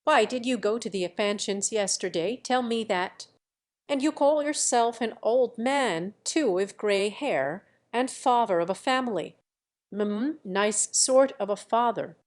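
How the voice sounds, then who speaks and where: A woman's voice: on the high side, lively intonation, a little slow. A woman voicing a bitter young man who taunts his father with malice. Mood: sneering. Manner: sneering, malicious.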